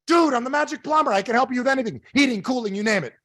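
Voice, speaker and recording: A man's voice: very high-pitched, racing, sharp tone, no echo, studio quality, voice pushed up, exaggerated voice. A man acting out a cocky, upbeat magic plumber who promises he can fix anything in a confident, breezy patter. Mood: assured.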